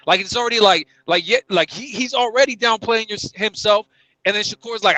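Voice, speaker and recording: A man's voice: sits high, fairly quick, pushed and bright, dry recording, low-quality recording. A man on a boxing panel, chatting casually and stammering, repeating words as he builds his points.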